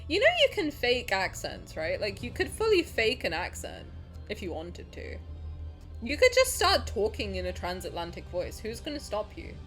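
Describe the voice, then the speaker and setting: A young woman from the American South, streaming and chatting casually with her viewers while reading a game story aloud, animated and quick to swear. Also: medium pitch, soft background music. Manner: chatty and animated, swears freely, laughs at herself.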